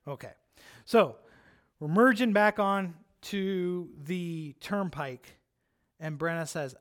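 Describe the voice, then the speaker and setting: High-voiced man telling a sermon story. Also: slow pace. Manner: animated, chatty, lots of "like" and "right?". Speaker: preacher.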